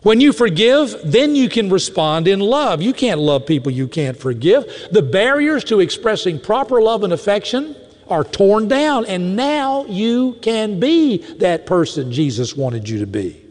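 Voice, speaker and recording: A man preaching a sermon, animated and lively, with mock-indignant asides to his listeners. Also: high voice, measured pace, big-room sound. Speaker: pastor.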